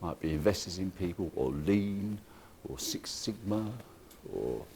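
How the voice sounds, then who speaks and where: A man giving a lively, irreverent conference talk, joking with the audience and acting out what clients say. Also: deep voice, a little slow, noisy background. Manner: acts out clients' lines in quoted voices. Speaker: conference speaker. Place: conference hall.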